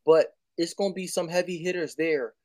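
A man chatting as a guest on a video-call livestream, talking with many fillers and getting animated in quick bursts. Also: fairly high pitch, no echo. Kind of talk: casual chat.

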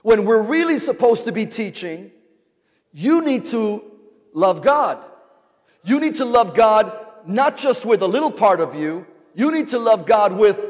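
This pastor speaks slowly in a high, sing-song voice, leaving long pauses between his repeated rhetorical questions to the congregation. The call-and-response sermon echoes through a large hall.

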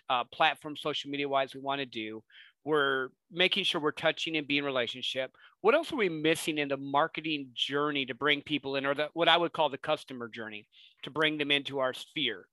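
A man hosting a podcast, asking questions in a relaxed, affirming way. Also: a little high, a little fast, no echo, rough recording. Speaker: podcast host. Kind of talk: interview questions.

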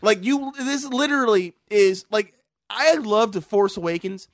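A man with an unusually high voice rants through a casual podcast chat, swearing freely as he vents. The sound is dry and close on a studio microphone, with no room around it. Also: lively intonation, a little slow, no room sound. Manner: heated, profane ranting. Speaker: podcast co-host.

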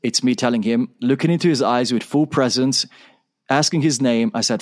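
Man, interview guest, lively storytelling, acts out both sides of a conversation. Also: medium pitch, moderate pace. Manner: animated, acts out dialogue in his story.

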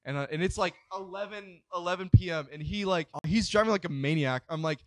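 A man's voice: a little high, fast, few pauses, a little mellow, dry recording. Young man telling a rambling story. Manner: rambling, swears a lot, fills with "like". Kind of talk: casual chat.

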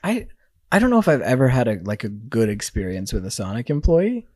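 A man chatting casually as a podcast co-host, wry and relaxed, wandering into loose asides. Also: mid-range voice, brisk, no room sound, clean studio sound. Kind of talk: casual chat.

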